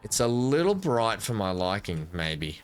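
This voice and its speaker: A man's voice: fairly low pitch, sing-song, a little slow, slight background noise. A man giving casual let's-play commentary at a desk microphone, thinking aloud and correcting himself as he builds. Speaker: gameplay commentator.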